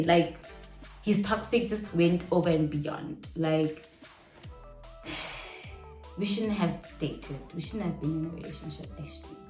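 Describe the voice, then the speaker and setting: A South African woman in her twenties telling a story from her own life in a chatty, animated vlog, mixing slang and local phrases into her talk. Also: lowish voice, a little slow. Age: 20s. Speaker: vlogger. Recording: roomy room with faint music behind.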